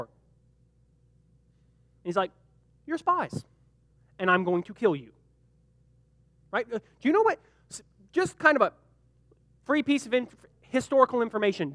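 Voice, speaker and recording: A young man leading a youth group Bible lesson, joking and animated, briefly acting out the characters in the story. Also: very high voice, no echo. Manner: animated and joking, acts out quick character voices. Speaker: youth pastor.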